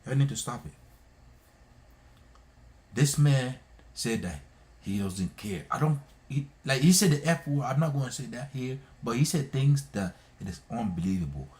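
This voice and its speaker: A man's voice: mid-range voice, animated, moderate pace, long pauses, darkish tone. A man hosting a live stream, scolding people in an impassioned monologue, repeating himself and hammering his points. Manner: scolding, repetitive, emphatic.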